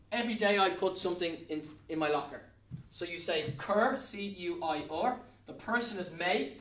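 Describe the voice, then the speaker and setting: A man with an Irish accent teaching a recorded grammar lesson to students, spelling words out letter by letter and urging them to stay with him. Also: sits high. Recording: echoey room, mic at a distance.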